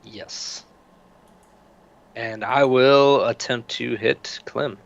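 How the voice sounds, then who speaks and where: Man, tabletop player, gravelly voice, slow and hesitant, muffled lo-fi sound. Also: medium pitch, steady tone. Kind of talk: playing a tabletop game.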